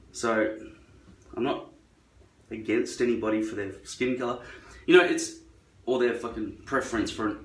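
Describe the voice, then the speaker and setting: A man's voice: mid-range voice, a bit bright. Rambling, profane Australian man. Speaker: vlogger. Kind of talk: rambling monologue. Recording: echoey room, far from mic.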